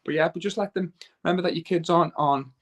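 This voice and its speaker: An earnest man talks as a guest on a talk show. His voice sits a little higher than most men's, and he rambles and restarts as he works through his thoughts. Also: rapid-fire. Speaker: guest father. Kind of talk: casual talk-show chat.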